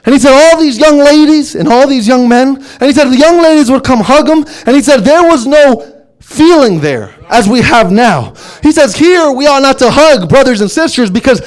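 A man's voice: very high voice, lively intonation, normal speed. A man preaching a sermon with an impassioned, repetitive cadence. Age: adult with young sons.

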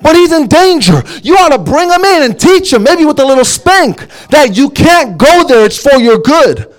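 A man preaching a sermon, emphatic, dropping to hushed asides and then rising to loud exclamations. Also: very high voice, sing-song, moderate pace.

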